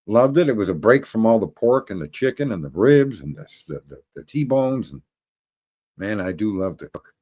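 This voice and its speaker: A man's voice: fairly low pitch, very animated, normal speed, a little mellow. A man hosting a show, ranting casually and rambling to viewers, swearing often and laughing at his own jokes. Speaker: show host.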